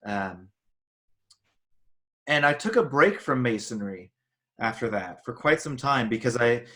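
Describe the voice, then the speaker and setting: Guest voice, man from Arizona, earnest explainer, bright and forward tone. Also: mid-range voice, animated, a little slow. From Arizona, United States. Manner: earnest, explanatory, speeds up when making a point. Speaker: podcast guest. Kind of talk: casual conversational interview.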